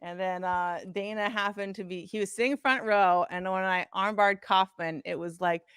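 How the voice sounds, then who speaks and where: Brief: woman podcast guest, animated and foul-mouthed, dry close sound, middle pitch. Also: moderate pace, clean tone, no echo. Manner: animated, profane, full of "like" fillers. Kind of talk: casual storytelling chat. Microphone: podcast studio mic.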